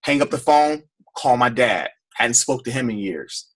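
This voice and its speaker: Man, husky voice, bright forceful tone, emotional personal testimony, repeats and restarts. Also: mid-range voice, animated, unhurried. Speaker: speaker on a team call.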